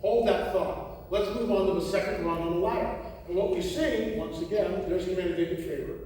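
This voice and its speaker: A man giving a talk to a live audience, animated and full of rhetorical questions. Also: sits high, brisk, a little hiss or hum. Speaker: conference speaker. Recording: echoey hall recording from far off.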